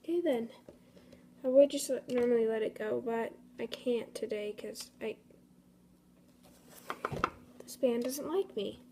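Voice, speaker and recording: A woman's voice: on the high side, a little slow, long pauses, mellow. A young woman hosting a casual craft tutorial, chatty and apologetic, talking to her materials as she works. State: a bit out of breath. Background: faint storm noise.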